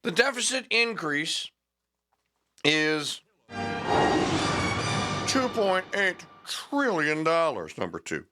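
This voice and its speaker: A man's voice: on the high side, big pitch swings, takes it slowly, long pauses, music in the background. A man hosting a talk show, reading news aloud with sarcastic, rambling asides and stalling with fillers while he hunts for names. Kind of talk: opinionated talk radio monologue.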